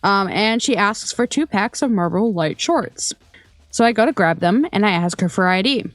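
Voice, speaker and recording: A woman's voice: medium pitch, normal speed, dry recording. A young woman casually telling a work story, chatty, with many ums and little laughs. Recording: dry close sound, faint music behind.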